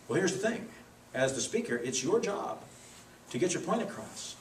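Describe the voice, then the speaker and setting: A man leading a speech contest judges' training, teaching in a lively, demonstrative way with acted examples in a club meeting room. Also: fairly high pitch, moderate pace, slight background noise. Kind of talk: workshop lesson. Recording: echoey room, mic far off.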